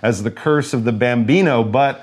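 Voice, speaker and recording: A man's voice: medium pitch, normal speed. A man co-hosting an English lesson show, explaining vocabulary in a playful, teacherly way.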